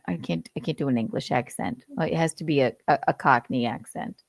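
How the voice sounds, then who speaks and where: Hosting a loose live stream, a young woman reads headlines aloud, giggling, chatting, and cursing now and then. Her fairly low voice has vocal fry, and she speaks a little fast with few pauses. The sound is dry and close, without any echo or room.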